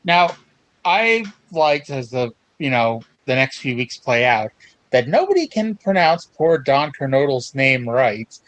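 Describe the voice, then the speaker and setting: A man's voice: medium pitch, big pitch swings, takes it slowly, fairly bright tone, dry recording, low-quality recording. A man hosting a podcast, recapping old wrestling in an enthusiastic, chatty way. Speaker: podcast host. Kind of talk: casual chat.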